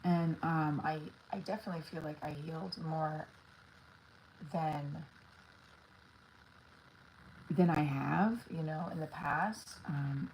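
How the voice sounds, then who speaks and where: A woman's voice: low-pitched, slow, long pauses, a little mellow, slight background noise, low-quality recording. A woman comedian chatting casually on a livestream, rambling with lots of fillers and talking to her viewers.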